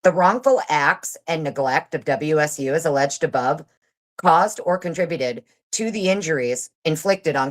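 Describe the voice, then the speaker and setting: A woman hosts a livestream in a low voice, reading aloud fast and chatting casually. She's sarcastic and swears freely.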